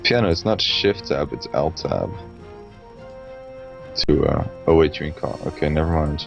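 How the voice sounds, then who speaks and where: A man's voice: extremely low pitch, moderate pace, gravelly, soft background music. A young man casually commentating a video game match with teasing, profane banter. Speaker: esports commentator.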